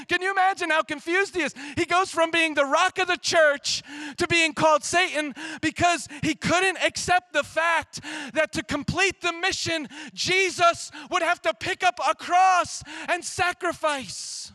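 A man preaching a sermon in a church as pastor, conversational and animated, at times shouting. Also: extremely high pitch, normal speed, no room sound.

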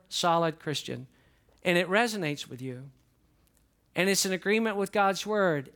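An older man, a pastor preaching a folksy, animated sermon and asking the congregation questions. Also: sits high.

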